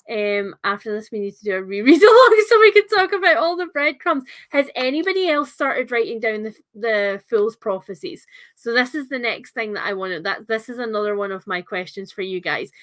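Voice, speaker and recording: A woman's voice: mid-range voice, fairly bright tone. A young woman hosting a livestreamed book club discussion, talking in a chatty, enthusiastic way with lots of filler words.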